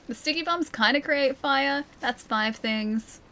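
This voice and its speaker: A woman's voice: sits high, measured pace, pushed and bright. A young woman streaming a game, chatting casually and giggling as she thinks aloud. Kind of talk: casual gameplay commentary.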